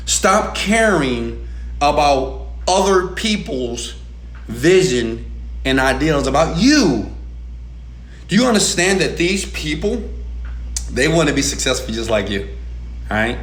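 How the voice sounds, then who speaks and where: A man giving a motivational rant, loud and profane, swinging between shouting and soft talk. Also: fairly high pitch, lively intonation, moderate pace, reverberant. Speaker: motivational speaker.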